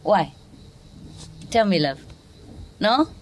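A woman's voice: medium pitch, big pitch swings, drawn-out words, heavy background noise. A woman with a Vietnamese accent giving a spiritual teaching talk to an audience, playful, laughing often and quizzing her listeners.

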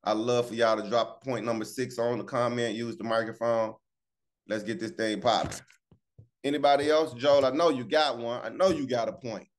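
A man hosting a morning devotional over a video call, speaking with upbeat, preacher-like energy. He calls out to listeners by name and pushes them to share. His voice sits at an ordinary middle pitch. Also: normal speed. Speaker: morning show host.

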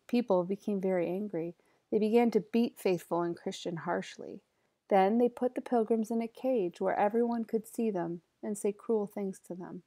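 A woman's voice: gravelly, no echo. Woman reading a storybook aloud, dry. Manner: lively, raises pitch and volume for quoted characters. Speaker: reader of a children's story.

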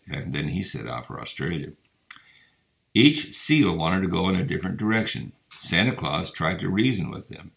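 Low, gravelly male storyteller. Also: animated, normal speed, a bit bright. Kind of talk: reading a children's story aloud.

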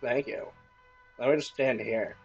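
A man giving excitable, joking commentary while playing a video game, often breaking into exclamations. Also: mid-range voice, measured pace, vocal fry, breathy edge, muffled recording, soft background music. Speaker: gaming YouTuber. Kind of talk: let's-play commentary.

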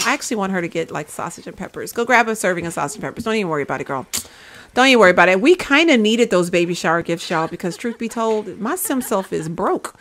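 On the low side and a little bright, this woman's voice accompanies casual gameplay commentary. She creates gaming videos, chatting with viewers, saying "y'all," and coaxing and scolding her game characters as they move along.

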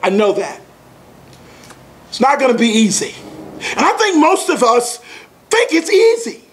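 A man in his forties gives a motivational talk to an audience, telling a family story in a folksy, chuckling, exclamatory way. His voice is extremely high, with wildly swooping pitch and a measured pace. A slight hiss or hum sits in the background.

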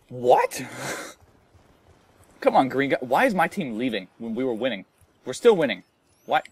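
A young man giving live commentary over his own online shooter match, swinging between quiet muttering and frustrated yelling. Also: mid-range voice, sing-song, a little slow, pauses often, a little hiss or hum. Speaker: gameplay commentator.

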